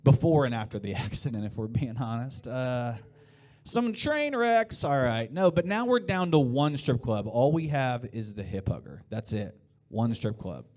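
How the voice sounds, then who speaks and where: A man in his late thirties from Indiana works a live stand-up set in a loose, rambling way, chatting with the crowd and laughing at his own jokes. His voice sits at an ordinary middle pitch for a man, neither high nor low. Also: animated, normal speed, dark tone. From Indiana, USA. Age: 30s. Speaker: stand-up comedian. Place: live comedy show before an audience.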